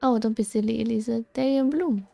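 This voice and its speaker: A woman's voice: a little high, brisk, vocal fry, dark tone, no echo. A woman reading game lines aloud as a cheerful, dreamy young woman who gushes over everything. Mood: delighted.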